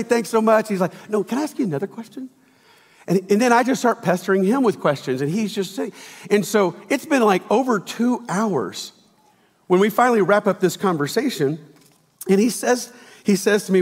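A man preaching a sermon, telling stories in a chatty, self-deprecating way. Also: high-pitched. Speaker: pastor. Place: church sanctuary. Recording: long reverb of a large hall.

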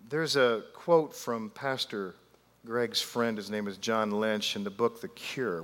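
Slow-talking preacher in an echoing hall. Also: male voice, medium pitch. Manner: animated storyteller, drawn-out pauses and asides. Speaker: pastor. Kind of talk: sermon storytelling. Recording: long hall reverb.

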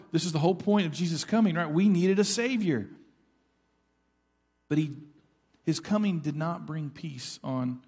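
A man's voice: fairly high pitch, darkish tone. A middle-aged man preaching a sermon as pastor, earnest and conversational, with asides to the congregation. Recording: church sanctuary with long reverb.

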